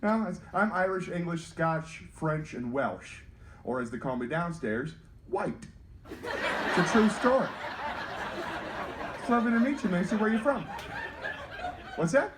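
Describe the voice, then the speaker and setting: A man's voice: high-pitched, unhurried, long pauses, a little hiss or hum. A man from North Carolina doing clean stand-up on a cruise ship stage, teasing the audience and chatting with kids. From North Carolina, USA. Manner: animated, teasing audience banter. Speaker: stand-up comedian.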